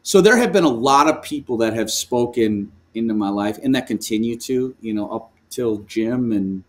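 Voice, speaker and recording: A man telling a personal story as a guest on a video call, his mid-pitched voice shifting with the telling. He laughs often and restarts his sentences as he goes, speaking casually and candidly. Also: moderate pace. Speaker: guest, worship leader. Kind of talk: remote video call interview. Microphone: video call microphone.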